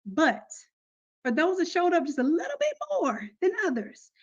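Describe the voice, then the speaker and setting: A woman's voice: very high-pitched, huge pitch swings, normal speed, lo-fi sound. A woman running a casual, upbeat live online class, talking to her students in a chatty, slangy way. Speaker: online course instructor.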